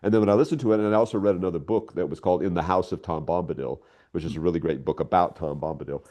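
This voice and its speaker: A man's voice: deep voice, very fast. An older man speaking as a guest writer in a casual interview, telling stories with enthusiasm. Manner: enthusiastic, animated storytelling.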